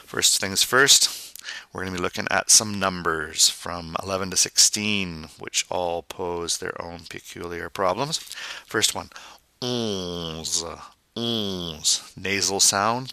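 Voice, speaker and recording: A man teaching French vocabulary, modeling each word slowly and repeating it, with playful asides. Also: deep voice, fairly even intonation, vocal fry, sharp tone, no room sound. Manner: slow, drawn-out model pronunciations with repetition. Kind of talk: vocabulary pronunciation lesson.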